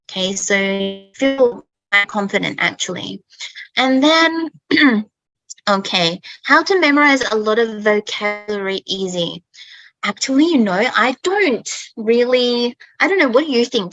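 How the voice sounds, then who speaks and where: A woman's voice: a little high, fairly bright tone, dry recording, rough recording. A woman with an Australian accent chatting casually over a video call, peppering her talk with "okay" and "like". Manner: chatty, fills speech with "okay" and "like". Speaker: guest speaker for English learners. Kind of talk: casual chat, storytelling.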